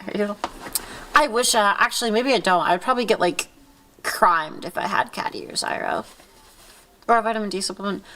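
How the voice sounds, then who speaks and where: A woman's voice: medium pitch, fairly quick, pauses often, sharp tone, a little hiss or hum. Stuffy, rambling woman streamer. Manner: rambling, playful, swears a lot. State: congested from a cold. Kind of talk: casual chat.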